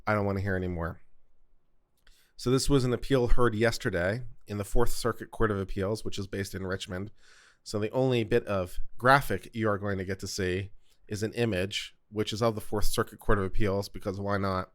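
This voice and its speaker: A man's voice: on the low side, fairly even intonation, moderate pace, dry recording, clean studio sound. A man from South Carolina hosting a casual commentary on court audio, chatty and digressive with jokey asides. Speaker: host reacting to court audio.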